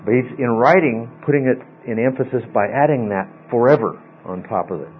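A man's voice: medium pitch, brisk. Man teaching a Bible lesson over tinny audio. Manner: explanatory, often asks okay. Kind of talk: classroom Bible study lesson. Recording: tinny phone-like audio, faint mains hum.

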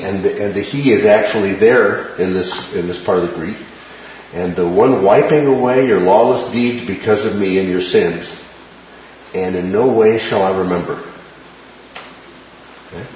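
A man teaching a Bible study class. He explains verses and keeps checking in with his listeners by asking "right?" and "okay?". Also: fairly low pitch. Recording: very echoey, dull room sound with faint hiss.

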